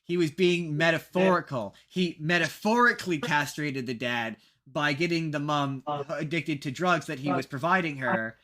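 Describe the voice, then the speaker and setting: A young man chatting on a podcast with a bright, forceful voice pitched a little high. He rambles through a story, stumbling over restarts and fillers and laughing at his own old opinions. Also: normal speed, hardly any pauses. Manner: rambling, self-mocking, many fillers and restarts. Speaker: podcast co-host. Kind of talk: casual podcast chat.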